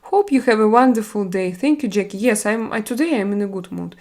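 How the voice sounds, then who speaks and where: A woman's voice: medium pitch, a little mellow. Chatty woman with a Russian accent. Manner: halting, with many fillers and restarts; blunt and chatty. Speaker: live-stream host. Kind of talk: casual live-stream chat reading viewer comments.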